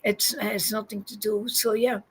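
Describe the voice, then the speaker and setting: A woman's voice: mid-range voice, flat delivery, unhurried, slightly rough. A woman giving an informal devotional talk as a spiritual teacher, reflective and often laughing.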